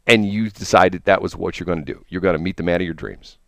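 A man's voice: deep voice, fast talker, creaky, fairly bright tone, no room sound, clean studio sound. A man hosting a casual chat, playfully teasing and interrupting his co-host.

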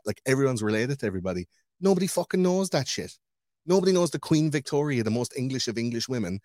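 A man hosting a podcast in casual chat, talking in a profane, rambling, animated way. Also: medium pitch, dry recording, clean studio sound.

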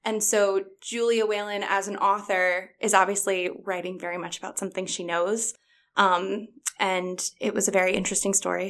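A woman's voice: mid-range voice, fairly bright tone. A woman who works as a children's librarian, chatting casually and enthusiastically on a podcast and laughing often.

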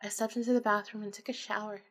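A woman reads a first-person ghost story aloud. Her delivery is intimate and confessional, with a mid-range pitch. She sounds emotional as she tells it. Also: little pitch movement, fast, a bit bright. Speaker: narrator.

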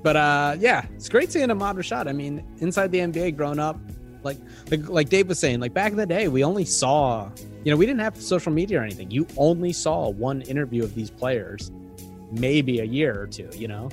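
A man co-hosting a casual podcast, telling stories playfully with quick mock voices. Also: on the high side, lively intonation, faint music behind. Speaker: podcast co-host.

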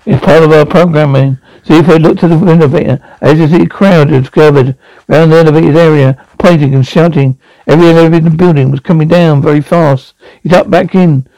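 A man's voice: a little high, steady tone, fairly quick, gravelly, warm tone, dry recording, poor audio. A man reading a novel aloud as an amateur audiobook, often stumbling and repeating words. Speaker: reader.

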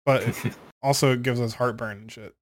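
A man in his thirties in a loose, joking podcast chat. He talks at an average pitch, easygoing and quick to laugh between lines. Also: steady tone. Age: 30s. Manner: laid-back, laughs often, joking. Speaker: podcast co-host. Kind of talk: casual chat.

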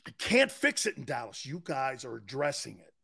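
A man hosting a sports talk show, delivering an excitable, emphatic monologue that swings between shouting and low asides. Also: normal speed, gravelly, husky.

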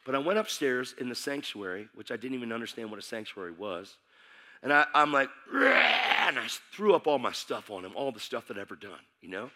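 A man's voice: medium pitch, expressive, fast, hardly any pauses, a bit bright. A middle-aged man preaching his testimony as a sermon, telling his story intensely and acting out the dialogue.

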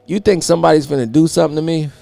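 Gravelly high-voiced man telling a wild story. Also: very fast, faint music behind. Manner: animated, profane storytelling, acting out other people's voices. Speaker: podcast co-host. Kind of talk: storytelling on a podcast.

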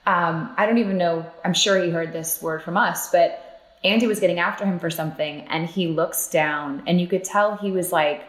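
A woman guest on a podcast, telling lively stories about family in casual chat. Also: fairly low pitch, normal speed. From North Carolina, US. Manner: animated, laughing storyteller. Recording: roomy echo.

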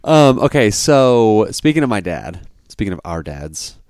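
Male podcast co-host, 30s, low voice, dry close sound, loose animated chat full of fillers. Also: a little slow, smooth, dry recording. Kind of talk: casual chat.

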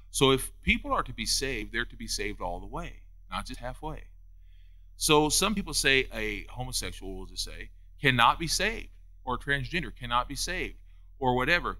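A man preaching a sermon, repeating lines for emphasis and building to loud, high peaks. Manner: preaching with rising emphatic peaks and quick repetitions.

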